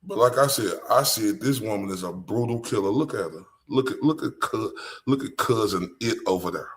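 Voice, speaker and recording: A man's voice: lowish voice, brisk. A man with a Southern US accent hosting a live stream, talking bluntly and with profanity straight to his chat. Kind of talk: casual live-stream commentary.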